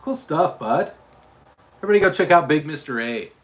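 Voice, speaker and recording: A man's voice: fairly high pitch, expressive, a little fast. A man from Utah hosting a casual livestream, chatting with viewers and often restarting and repeating his words. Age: adult father. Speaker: livestream host.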